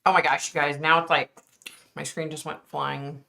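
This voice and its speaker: Bright, outspoken woman chatting live. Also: low-pitched, level tone, unhurried, gravelly. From East Coast of the United States. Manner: chatty, outspoken, fired up, with mild swearing. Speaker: livestream host reading viewer chat. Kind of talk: casual live-stream chat.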